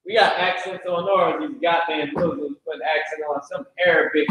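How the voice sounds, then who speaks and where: A man's voice: on the high side, steady tone, moderate pace, fairly bright tone, a little hiss or hum. A man leading a loose classroom lecture, slangy, blunt and profane, often drifting into asides. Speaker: teacher. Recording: very echoey room.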